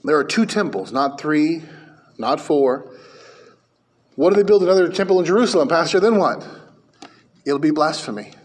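A man preaching a sermon as pastor, emphatic, with his pitch and volume rising and falling. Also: lively intonation, normal speed, pauses often.

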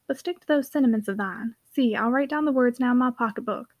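A woman's voice: fairly high pitch, fast, no room sound, lo-fi sound, lightly acted. A woman voicing a jovial, blunt older father who mocks his son good-naturedly in a storybook reading. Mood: hearty.

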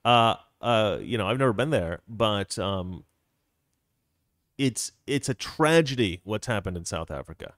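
A man with a fairly low voice hosts a casual political live stream. He rambles, restarting his sentences and filling pauses. The sound is dry and close, with no room echo. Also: expressive, a bit bright. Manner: rambling, frequent restarts and fillers.

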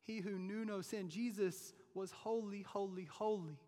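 A fairly high-voiced man preaching a sermon to a church. He presses hard on his key lines and then drops to near-hushed tones. The sound carries a long reverb from a big hall. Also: fairly even intonation, measured pace. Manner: emphatic preaching, voice rising to near shouts and dropping low. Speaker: pastor. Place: church sanctuary.

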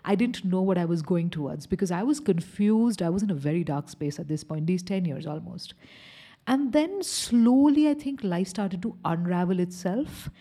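A woman in her thirties from India, a podcast guest telling candid stories in an animated, exclamatory way. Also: fairly low pitch, moderate pace, slightly rough. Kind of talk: candid storytelling chat.

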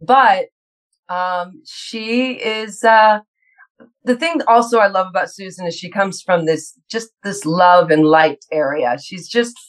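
A woman in her fifties chats as a guest in a casual interview, bubbly and quick to laugh. She restarts her sentences often in an easy, conversational flow. Her voice sits at an ordinary middle pitch. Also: poor audio. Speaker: guest actress.

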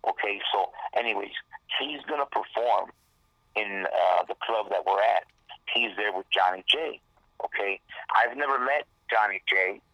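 A man's voice: fairly low pitch, a little slow, no room sound, dull audio. A man, a rapper guest, telling a rambling, profane story in casual talk and acting out the lines people said. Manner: profane, rambling, acts out quoted dialogue.

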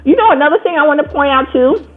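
A woman chatting casually as a guest, animated and acting out the voices she quotes. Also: high-pitched, quick pace. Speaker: podcast guest. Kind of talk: casual conversation. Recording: tinny phone-like line.

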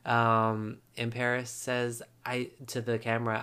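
A man's voice: mid-range voice, completely flat delivery, measured pace, fairly bright tone, clear, resonant tone. A man hosting a podcast, recapping a reality show episode in a casual, chatty way with wry asides and frequent ums.

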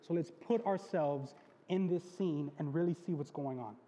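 A man preaching a casual, chatty sermon as pastor, repeating words and using slang, a little hoarse from losing his voice. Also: fairly high pitch, moderate pace, warm tone, big-room sound. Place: church sanctuary.

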